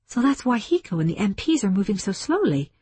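A woman's voice: mid-range voice, big pitch swings, brisk, darkish tone, breathy edge, no room sound, pitched above the performer's own voice. Woman narrator voicing a tense determined young woman. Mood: weary.

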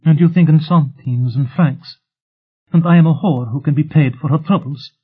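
A man's voice: mid-range voice, normal speed, breathy edge, voice pushed up, close to an everyday voice. A man reading a defiant young woman with a clipped, coldly challenging manner, in an audiobook. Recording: tinny phone-like sound.

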